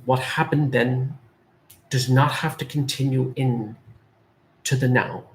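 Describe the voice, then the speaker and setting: Earnest male life guide in his forties, mid-pitched, speaks directly to viewers with repeated phrases. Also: steady tone, slow, a little hiss or hum. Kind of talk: spiritual talk to viewers.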